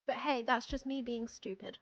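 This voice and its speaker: A woman's voice: a little high, moderate pace, highs cut off. A young woman chatting casually on a livestream, rambling and self-deprecating, laughing often. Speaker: streamer.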